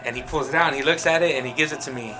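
A man's voice: mid-range voice, racing, music in the background. Profane, rambling man telling a story. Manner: profane, rambling storytelling with lots of "you know what I mean". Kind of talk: casual chat.

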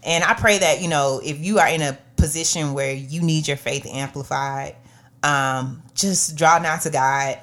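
A woman's voice: low voice, unhurried, fairly bright tone. A woman co-hosting a faith podcast, reading scripture and earnestly encouraging listeners. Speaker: podcast co-host.

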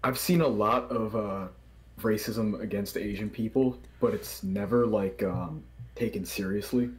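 A man with a Baltimore accent, speaking hesitantly and softly in casual podcast chat. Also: fairly low pitch, fairly even intonation, measured pace, poor audio. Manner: hesitant, soft-spoken, trailing off.

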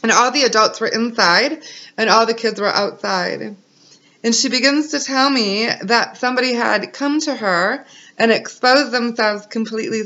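A woman's voice: fairly high pitch, pushed and bright. A woman in her thirties sharing an emotional personal faith testimony as a mother, earnest and encouraging. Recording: dull lo-fi recording.

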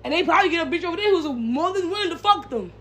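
A woman co-hosting a casual podcast, talking bluntly and heatedly, full of slang and swearing. Her voice sits high, with faint noise in the background. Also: animated, rapid-fire, a bit bright. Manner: profane, heated ranting. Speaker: podcast co-host. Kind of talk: casual chat.

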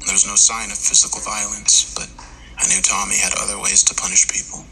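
A man narrating a horror story in the first person with a steady, grim delivery. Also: on the low side, fairly quick, vocal fry, noisy background. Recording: loud music underneath.

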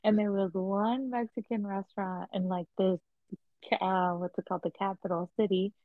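A young woman co-hosting a podcast, chatting in relaxed slang and laughing often. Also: medium pitch, normal speed, no echo. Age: young adult. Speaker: podcast co-host. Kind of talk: casual chat. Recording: tinny phone-like line.

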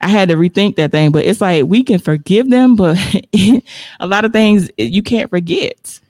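A woman's voice: medium pitch, normal speed, darkish tone, no room sound, clean studio sound. A woman hosting a casual faith livestream, reflecting aloud and reading viewer comments, laughing often between remarks. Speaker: livestream host.

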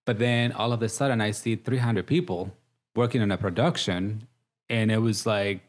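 Man in his thirties, guest, English, chatty, lowish voice. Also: moderate pace. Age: 30s. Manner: chatty and warm, with many "like" fillers. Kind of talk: casual interview.

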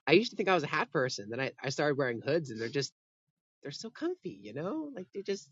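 Bright-voiced laid-back man chatting. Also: a little high, big pitch swings, fast, husky, dry recording, dull audio. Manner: laid-back, rambling, laughs easily. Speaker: podcast co-host. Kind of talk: casual chat.

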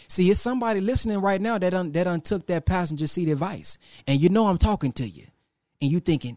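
High-voiced preacherly man. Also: animated, darkish tone, dry recording, studio quality. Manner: preacherly, dramatic pauses, acts out voices. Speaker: motivational speaker. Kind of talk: motivational talk to a live audience.

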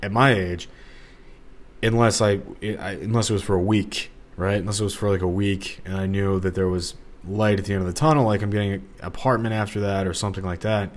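A man's voice: lowish voice, fairly even intonation, fairly quick. A young man from the St. Louis area, talking casually and rambling on a solo podcast, with lots of fillers and restarts. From Missouri, St. Louis area. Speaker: podcast host.

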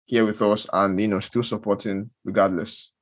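A man's voice: fairly low pitch, level tone, moderate pace. A young man with a Nigerian accent co-hosting a podcast in casual, rambling, self-deprecating chat. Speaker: podcast co-host.

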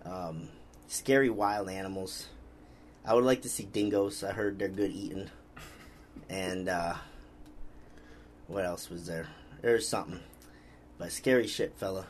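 A man's voice: low voice, unhurried, long pauses, slight background noise. A man hosting a casual podcast, rambling easily and reading out viewer comments. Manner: laid-back, rambling, reads out viewer comments. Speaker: podcast host. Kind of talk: casual chat.

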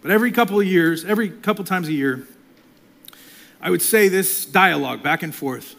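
A middle-aged male pastor preaching a sermon, swinging between loud emphasis and soft, near-whispered passages. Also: high voice, brisk, creaky.

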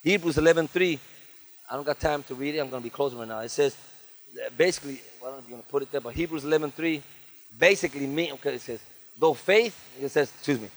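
A fast-talking man with a fairly high-pitched voice gives a sermon as a visiting pastor at a church service. He preaches with fervor, drifts into lively stories and asks the congregation for amens.

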